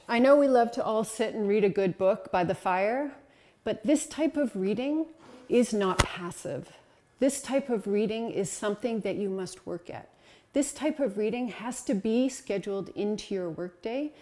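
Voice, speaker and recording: A woman's voice: mid-range voice, mellow. A woman presenting a talk with slides to an audience, conversational and encouraging, with frequent ums and uhs. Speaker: lecturer.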